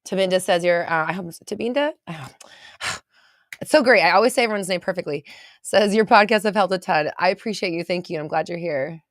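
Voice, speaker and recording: Chatty valley-girl woman podcast host, slightly low voice, dry close recording. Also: brisk, no room sound. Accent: American valley girl. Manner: bubbly, chatty, lots of fillers and laughs. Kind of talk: casual livestream chat reading viewer comments. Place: home studio.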